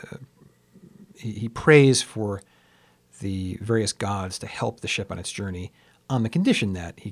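Male lecturer, lowish voice, patient explainer who chants the meter out loud. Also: gravelly, breathy edge. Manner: explains patiently, taps out rhythms aloud; reads his translation slowly with rising emphasis. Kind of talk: lecture with poetry reading.

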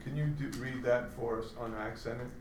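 A man's voice: mid-range voice, fairly even intonation, moderate pace. A man in a workshop audience, asking pointed, skeptical questions. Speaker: workshop participant. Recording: distant voice in echoey room with noise.

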